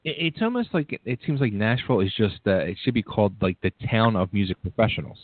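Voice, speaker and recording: A laid-back man hosts a casual radio interview, laughing often and stumbling over his words. His voice sits fairly low. The sound is dry, with no room around it, and thin like a phone line. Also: animated, quick pace, dry recording.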